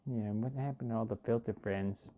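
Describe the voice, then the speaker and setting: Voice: mid-range voice, moderate pace, warm tone. A livestream host in casual chat, goofy and laughing often, hesitating with many fillers, on a phone mic.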